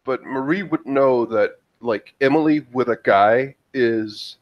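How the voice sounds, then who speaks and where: A man's voice: mid-range voice, a little slow, lo-fi sound. A man taking part as a player in a tabletop role-playing game, speaking hesitantly with many fillers.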